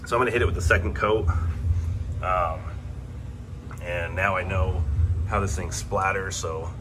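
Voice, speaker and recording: Man, deep voice, easygoing DIY car vlogger in his garage, chatty and rambling, faint hum behind. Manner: rambling, plain-spoken, lots of fillers and restarts. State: coughing, clearing his throat. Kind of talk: casual talk to camera.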